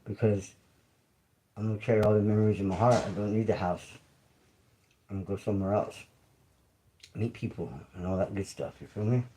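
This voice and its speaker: A lowish, warm, steady voice comes through brisk with frequent pauses, in a low-quality recording with slight background noise. The YouTube creator hosts his livestream in a casual monologue, talking loosely, repeating himself, and asking listeners "you feel me?".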